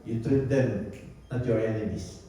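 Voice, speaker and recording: A man preaches a sermon in a very echoey church hall, heard from some distance off the mic. His voice is mellow and dark in tone. He repeats his points and mixes in phrases. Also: lowish voice, unhurried. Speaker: pastor.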